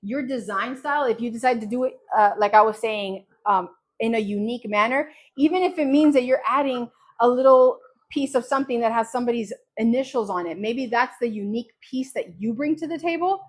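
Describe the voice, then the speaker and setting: A woman's voice: fairly high pitch, a little fast, husky. A woman from New Jersey hosting a casual craft livestream, telling rambling stories with lots of energy. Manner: animated, rambling storyteller. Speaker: craft business host.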